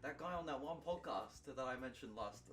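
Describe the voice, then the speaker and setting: A man's voice: medium pitch, lively intonation, a little fast, a bit bright. A man co-hosting a casual podcast, teasing his friends and laughing often. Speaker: podcast co-host. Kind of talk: casual chat. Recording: distant mic with background music.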